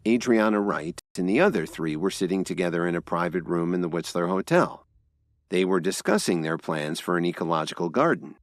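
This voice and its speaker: A man narrating a scripted audio drama with expressive storytelling. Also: low-pitched, dry recording, clean studio sound.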